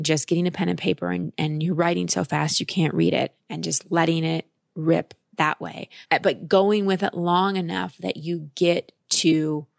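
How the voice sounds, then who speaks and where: Gravelly low-voiced woman coaching. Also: dry recording, clean studio sound. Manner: direct and emphatic. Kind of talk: advice conversation.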